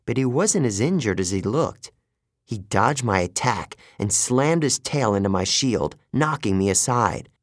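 A man reading an audiobook in first person, his delivery full of lively rises and falls. His voice sits at an ordinary pitch, and the recording is dry and close with no room sound. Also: dry recording. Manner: expressive first-person storytelling. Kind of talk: audiobook narration.

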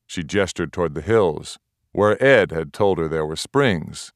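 A man narrating a western novel in steady, unhurried scripted narration. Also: sits low, dry recording, clean studio sound. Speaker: audiobook narrator.

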